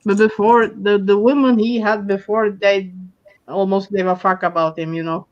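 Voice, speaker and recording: A guest speaker in a relaxed chat, with a voice of middle pitch. They stumble and repeat words before getting a thought out. The recording sounds slightly dull. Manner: halting, repeats words, plain-spoken. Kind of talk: casual chat.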